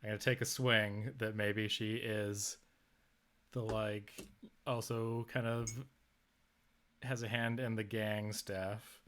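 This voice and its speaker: A man's voice: fairly low pitch, flat delivery, slow, pauses often, fairly bright tone. Rambling young man planning a move. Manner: rambling, laughing as he plans. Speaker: player. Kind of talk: casual tabletop game talk.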